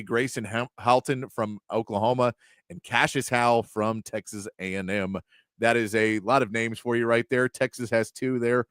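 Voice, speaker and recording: A man's voice: mid-range voice, no room sound, clean studio sound. A man hosting a sports talk show, reading through lists of player names and chatting, sometimes tripping over a name. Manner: reads off long lists of names, stumbling on some. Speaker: sports radio host.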